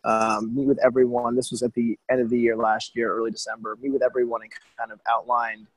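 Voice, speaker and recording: A man on a group call with a hoarse voice, rambling casually as he shares how he runs his team. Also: mid-range voice, level tone, fast, no room sound, poor audio. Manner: rambling, thinking aloud with fillers. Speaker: caller.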